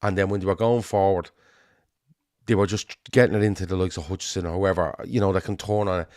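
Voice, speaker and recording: A middle-aged man with a Liverpool accent, co-hosting a casual football chat, animated and sweary, rambling with restarts. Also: low voice, fast, dry recording, studio quality. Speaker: podcast co-host.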